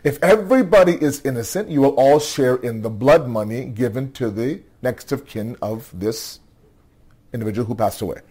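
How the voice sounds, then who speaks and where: A man's voice: medium pitch, normal speed, a little mellow, husky. Tired man telling a religious story. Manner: conversational storytelling, frequent "okay?" check-ins and repeated restarts. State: tired, yawning. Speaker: religious speaker. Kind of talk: nightly religious storytelling talk.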